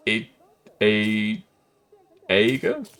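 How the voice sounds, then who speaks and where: A man with a low voice talks through a detective game on stream, keeping it loose and jokey and poking fun at himself. His delivery is lively, swinging up and down in pitch. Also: drawn-out words. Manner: playful, giggly, self-deprecating. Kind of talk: casual gameplay commentary.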